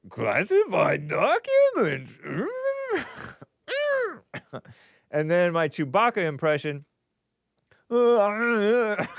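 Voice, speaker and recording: A man's voice: mid-range voice, smooth, no echo. Chatty man hosting a livestream. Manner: chatty, laughs often, mutters asides quietly. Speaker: livestream show host reading viewer messages. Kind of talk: casual livestream commentary.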